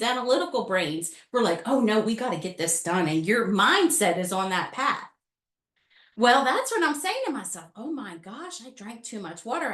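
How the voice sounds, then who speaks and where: A middle-aged woman telling a personal story on a panel with animated, dramatic delivery. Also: medium pitch, echoey room. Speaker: panel speaker. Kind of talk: storytelling talk.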